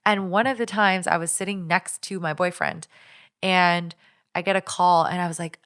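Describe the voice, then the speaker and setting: Young woman telling a story, slightly low. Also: normal speed. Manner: animated storytelling, many fillers and restarts. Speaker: podcast co-host. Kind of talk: casual chat.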